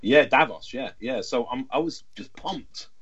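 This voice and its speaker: A man's voice: mid-range voice, normal speed, fairly bright tone, lo-fi sound. A man chatting casually and enthusiastically on a podcast, rambling a little. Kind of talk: casual chat.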